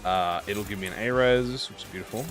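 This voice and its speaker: A man giving casual gameplay commentary, playful and excitable, swearing freely and talking back at the game. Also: fairly low pitch, normal speed, faint music behind. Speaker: gaming channel host.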